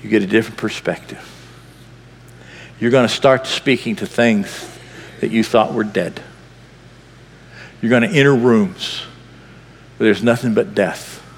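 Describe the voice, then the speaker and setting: A man preaching a sermon as pastor, impassioned, swinging between loud bursts and hushed lines. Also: on the low side, measured pace, gravelly, pauses often, long reverb tail, slight background noise.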